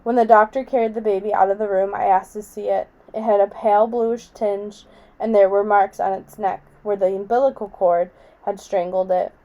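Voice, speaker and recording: A woman reads a novel aloud in a quiet, measured voice. Her tone is mellow and soft, with an ordinary middle pitch. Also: fairly even intonation, lo-fi sound. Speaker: audiobook reader.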